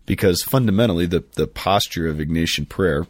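Man, very deep voice, candid and reflective, joking at himself, dry close recording. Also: fairly quick, no echo. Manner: candid, self-deprecating, reflective. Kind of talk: casual conversation about prayer.

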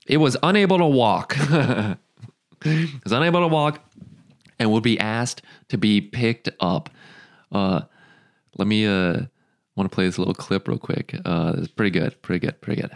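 Lowish-voiced man joking with frequent profanity. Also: normal speed, gravelly, long pauses. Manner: profane, joking, laughs often, lots of ums. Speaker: podcast host. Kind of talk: casual podcast chat.

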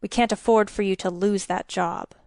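A woman voicing a gruff, suspicious middle-aged male miller who grunts and growls his words. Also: medium pitch, steady tone, normal speed, a little mellow, dry recording, studio quality, close to an everyday voice.

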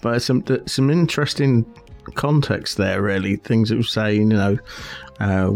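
Animated man chatting casually. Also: lowish voice, a little slow, faint music behind. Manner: animated, laughs often, explains with examples. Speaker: podcast co-host. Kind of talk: casual chat.

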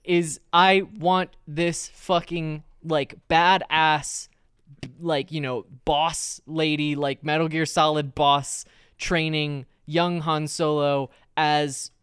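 A man's voice: fairly high pitch, little pitch movement, takes it slowly, fairly bright tone, clean tone, no echo, studio quality. A man co-hosting a casual podcast, telling stories emphatically and swearing freely. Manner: profane, emphatic storytelling. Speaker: podcast co-host. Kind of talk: casual fan chat.

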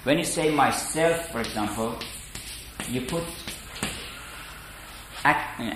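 Slow, deliberate man lecturing in an echoey room. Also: mid-range voice, fairly bright tone, slight background noise. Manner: deliberate, halting, with many fillers. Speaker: lecturer on poetry. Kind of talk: spoken lecture.

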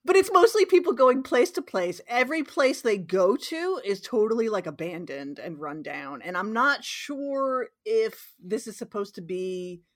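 A woman co-hosting a casual film podcast, recapping plots in a rambling, animated way with plenty of swearing. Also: medium pitch, unhurried, few pauses. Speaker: podcast co-host. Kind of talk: casual film-review chat.

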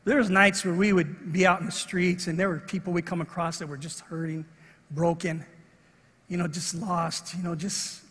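A middle-aged man preaches with a high, husky voice that rings out through a large hall. He tells a story in an animated way and acts out the people in it. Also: normal speed. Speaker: pastor. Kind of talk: sermon with a personal story. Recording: long reverb of a large hall.

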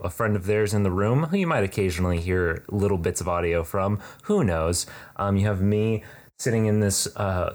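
A man hosting a podcast in casual chat, rambling and joking with plenty of fillers. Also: sits low. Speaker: podcast host. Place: room.

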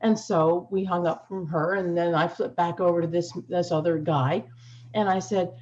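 Woman on a call, lively anecdote, dull lo-fi sound. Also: fairly low pitch, normal speed. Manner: lively, animated retelling. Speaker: meeting participant. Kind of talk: storytelling remembrance.

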